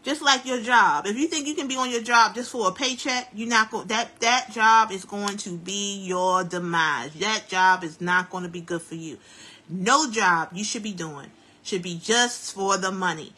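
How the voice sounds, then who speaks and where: A woman hosting a live stream from home while doing hair, giving chatty, preachy life advice in a lively, down-to-earth way. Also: medium pitch, normal speed. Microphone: phone live stream.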